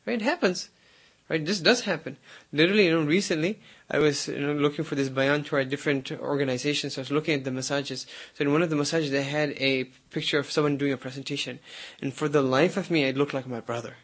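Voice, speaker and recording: A man's voice: on the high side, fairly even intonation, quick pace, fairly bright tone, husky. A man giving a conversational sermon, telling stories and often checking in with "right?". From United States. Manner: conversational, keeps asking "right?". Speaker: preacher.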